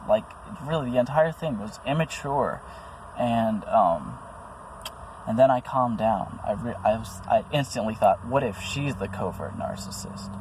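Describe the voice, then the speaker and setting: A man's voice: mid-range voice, a little mellow, a little hiss or hum, poor audio. A man speaking about his own experiences in an earnest, rambling monologue, full of restarts and fillers. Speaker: vlogger. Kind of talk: personal monologue to camera.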